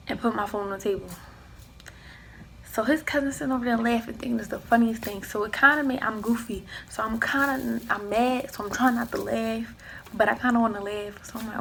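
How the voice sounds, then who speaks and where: Gravelly-voiced young woman telling a story. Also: on the high side, slight background noise, low-quality recording. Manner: animated storyteller who acts out quoted dialogue, slips into hushed asides. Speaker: vlogger. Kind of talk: storytime chat.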